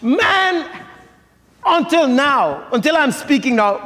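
An older man preaching a sermon as pastor, with shouted, rising emphasis and call-and-response to the congregation. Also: very high voice, big pitch swings, a little slow. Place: church sanctuary. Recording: church sanctuary with long reverb.

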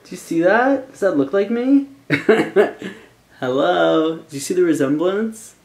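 A young man, born in Colombia, talking casually to camera in an excitable, animated way with laughing asides. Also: sits high, slow pace, gravelly. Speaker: vlogger. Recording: echoey room with faint music.

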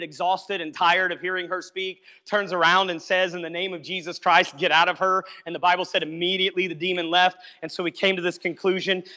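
A man's voice: high voice, pushed and bright. A male pastor preaching a sermon, emphatic and repetitive, often calling out to the congregation to listen. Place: church sanctuary. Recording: long hall reverb.

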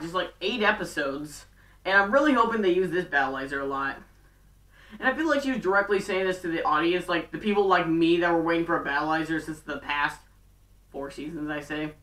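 A woman casually recapping a TV show, rambling and talking in quick bursts full of fillers. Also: on the low side, animated, fairly bright tone. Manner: chatty and rambling, fast bursts, many fillers. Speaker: fan video recapper. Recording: roomy, distant from mic.

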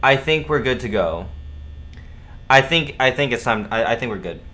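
A young man streaming a horror game, swearing, repeating himself and yelling at scares. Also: mid-range voice, expressive, normal speed. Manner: profane, jumpy, repeats himself, yells at jumpscares. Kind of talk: live gameplay commentary.

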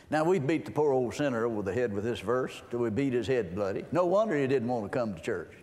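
A man's voice: mid-range voice, animated, fast talker, few pauses, a little mellow. A man preaching a sermon in a folksy way, reading scripture aloud and explaining it. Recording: long hall reverb.

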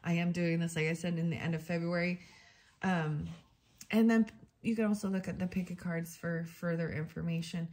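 A woman's voice: on the low side, steady tone, moderate pace, darkish tone. A woman giving a casual tarot reading to her viewers, chatting and thinking aloud as she reads passages from a book. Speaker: tarot reader.

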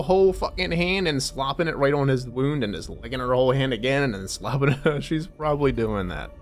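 A man's voice: mid-range voice, animated, a little fast, hardly any pauses. A man giving casual, joking gameplay commentary and rambling as he plays. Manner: joking, rambling, laughs often. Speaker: let's play host.

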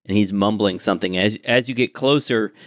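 A man narrating a tabletop game as game master, describing scenes calmly and in detail. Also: on the low side, fairly quick, no echo, studio quality.

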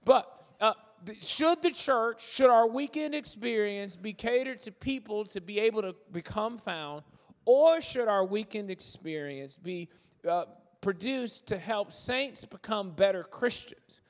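A middle-aged man preaching a humorous, conversational sermon, animated and acting out the voices of churchgoers. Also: high-pitched, a little slow. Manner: animated, acts out voices of churchgoers, jokey asides. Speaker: guest preacher. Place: large church sanctuary. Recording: long hall reverb from a church.

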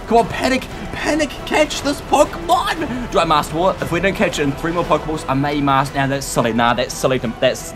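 A man commenting on his own gameplay in a frantic, excitable way, often shouting and squealing. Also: fairly high pitch. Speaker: gaming YouTuber. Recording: light background music.

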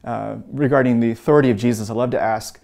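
A man's voice: medium pitch, fairly even intonation, quick pace, creaky, a little mellow. A man teaching an evangelism course, retelling stories in an earnest way with frequent um and uh fillers. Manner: lifts his voice when acting out quoted lines. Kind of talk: teaching talk with retold stories.

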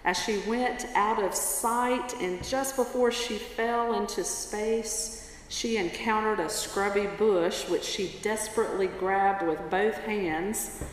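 A woman pastor preaching a sermon in a church sanctuary, telling a story in an unhurried way. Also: mid-range voice, slight background noise. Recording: echoey church with long reverb, faint ambience.

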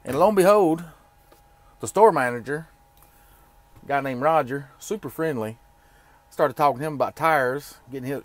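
A middle-aged man, telling a rambling, folksy story about his day in a casual vlog. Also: medium pitch. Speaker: trucker vlogger.

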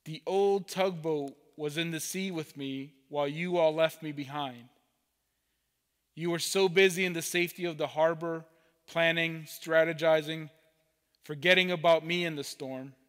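A man's voice: fairly high pitch, a bit bright, in a large hall. A man voicing a frightened little boat. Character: small frightened boat lost in a storm.

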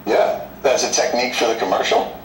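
A male comedian arguing his case as a guest in a TV interview, animated and wry. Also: mid-range voice, fairly quick, slight background noise. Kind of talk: combative TV interview. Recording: echoey, slightly distant mic.

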